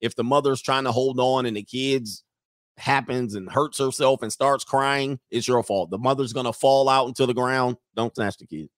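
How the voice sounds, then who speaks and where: A man's voice: mid-range voice, normal speed, dry recording. Guy doing reaction commentary, sarcastic and emphatic, dry close mic. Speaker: commentary host. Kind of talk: reaction commentary on a video clip.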